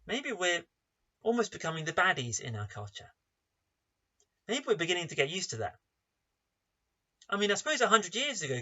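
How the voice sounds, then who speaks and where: Animated preacher, bright voice. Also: male voice, fairly high pitch, slightly rough. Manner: emphatic, asks many rhetorical questions. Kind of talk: sermon. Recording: dull lo-fi online service recording.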